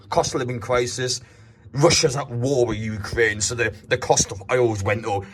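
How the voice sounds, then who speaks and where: A man's voice: medium pitch, fairly bright tone. Brief: young man, phone vlog, fed-up rants, slight background hiss. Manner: exasperated, swearing, muttering at night. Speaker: vlogger. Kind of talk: casual vlog talk to camera. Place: hotel room at night.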